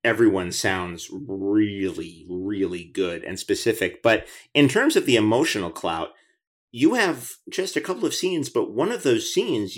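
A man with a fairly low voice hosts a conversational interview. He talks in an eager, chatty way and restarts his sentences often. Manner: chatty, enthusiastic, many restarts. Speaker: podcast host.

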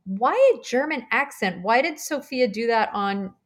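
A woman's voice: a little high, animated, unhurried, fairly bright tone. A woman co-hosting a casual chat, recapping an episode with lots of "like" and an amused tone. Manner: chatty, many "like" fillers, amused. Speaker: podcast co-host.

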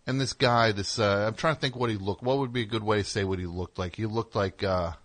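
A man's voice: lowish voice, fairly even intonation, brisk, a bit bright. A man hosting a radio show, telling a story in a casual, rambling way with wry asides in the studio.

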